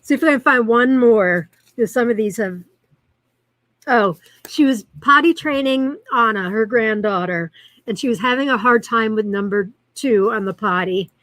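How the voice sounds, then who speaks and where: A woman's voice: a little high, normal speed, fairly bright tone, no room sound, low-quality recording. A woman hosting a live-streamed show, chatting casually in a rambling way and reacting to viewer comments as she reads them aloud.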